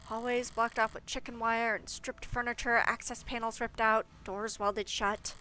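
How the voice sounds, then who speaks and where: A woman's voice: fairly high pitch, flat delivery, moderate pace, bright, forceful tone, slight background noise. A woman reading the inner monologue of a cautious young female investigator in a dry, wry tone. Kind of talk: game narration read aloud.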